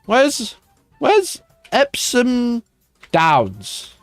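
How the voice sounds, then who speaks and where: A man's voice: very high-pitched, wildly swooping pitch, extremely slow, no room sound, faint music behind. A man hosting his channel, ranting sarcastically in casual commentary, swearing a lot and laughing. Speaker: YouTube host.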